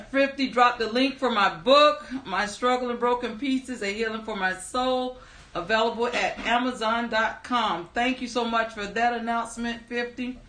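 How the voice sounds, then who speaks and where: In a reverberant room, a livestream storyteller host speaks a little slowly in a somewhat bright voice on the high side. She chats casually and cheerfully, welcoming viewers by name before launching into her story.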